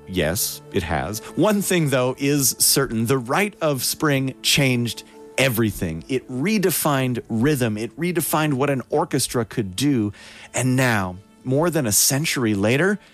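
A man hosting a classical music radio broadcast, introducing a concert in a measured storytelling manner with dramatic pauses. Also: mid-range voice. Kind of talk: scripted radio narration.

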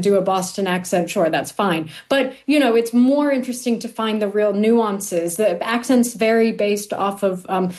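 Female dialect coach, clear and explanatory, mid-pitched. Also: a little mellow. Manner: articulate, explanatory, some fillers. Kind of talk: interview answers.

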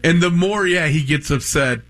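Animated storytelling man, somewhat high voice. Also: moderate pace, faint music behind. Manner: animated anecdote teller who acts out quotes. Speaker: radio show co-host. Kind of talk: casual storytelling chat.

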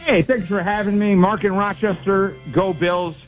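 A man's voice: high-pitched, steady tone, normal speed, faint music behind. A man calling in to play a radio game, easygoing and tentative with his guesses. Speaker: caller playing the game. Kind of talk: phone-in banter. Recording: dull lo-fi phone line.

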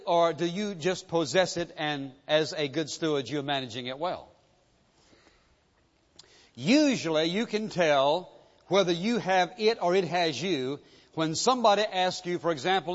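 A male pastor delivers a sermon in a high, ringing voice, leaning hard on each point and slowing down to repeat key phrases. The recording is dull and lo-fi, with a long reverb trailing off the hall walls. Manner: emphatic, repeats key lines slowly.

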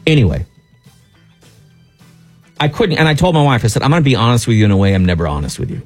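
Husky guy ranting through a story on a radio show, keeps restarting, faint music behind. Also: mid-range voice, fast. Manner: animated, exasperated storytelling with many restarts. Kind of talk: casual storytelling chat.

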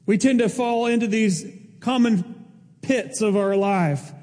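A male pastor preaching a sermon in an impassioned way, his voice rising toward near-shouts. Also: high-pitched, slow pace, long reverb tail.

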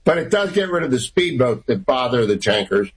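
A middle-aged man giving forceful, rapid-fire opinions as a guest on a political talk radio show. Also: medium pitch, big pitch swings, rough recording.

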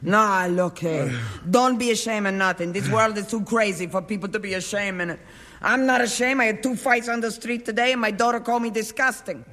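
An actress playing a blunt, grieving Italian widow and seamstress who speaks brusque English with an Italian accent, in a 1950s film drama. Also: female voice, mid-range voice, brisk, fairly bright tone, in a large hall, lightly acted. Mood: tearful.

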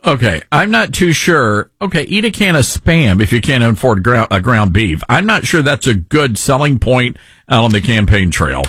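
Brief: male talk host, husky, lively pitch, joking, conversational. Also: no room sound. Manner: conversational, quick to joke. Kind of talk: casual political chat.

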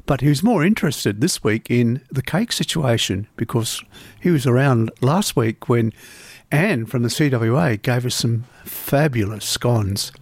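A man's voice: mid-range voice, measured pace, husky, no room sound. Aussie radio guy chatting between songs, middle voice, dead dry studio sound. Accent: Australian. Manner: chatty, relaxed, easygoing. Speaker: radio host. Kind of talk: casual radio presenting. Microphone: studio microphone.

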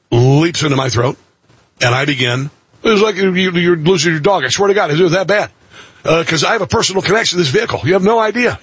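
A male radio and TV host telling a story in an excitable monologue, his voice jumping up into loud outbursts. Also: fairly high pitch, husky, no room sound.

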